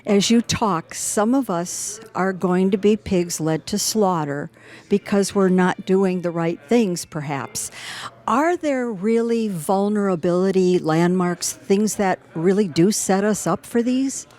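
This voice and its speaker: A woman's voice: mid-range voice, slow pace, a little mellow. A woman interviewing a guest in an earnest, conversational way. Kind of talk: interview questions.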